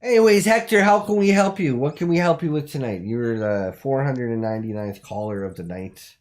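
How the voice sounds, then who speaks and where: A man's voice: medium pitch, brisk. A man hosting a comedic call-in talk show with a theatrical, exaggerated announcer delivery.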